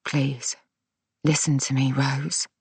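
A woman's voice: normal speed, no echo, natural voice. A woman reading a cold, clipped woman. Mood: hushed. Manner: clipped, low and soft, at times whispering. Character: calm, cold young woman, quietly persuasive.

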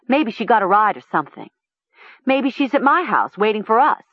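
A woman's voice: fairly high pitch, sing-song, moderate pace, no room sound, highs cut off, voice pushed up. A woman voicing an anxious teenage girl who frets and worries aloud. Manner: anxious, fretful.

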